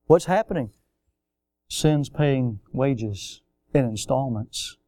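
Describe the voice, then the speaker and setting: A man preaching a sermon as pastor, emphatic and repetitive, swinging between loud bursts and hushed low lines. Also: animated, takes it slowly, no room sound, studio quality.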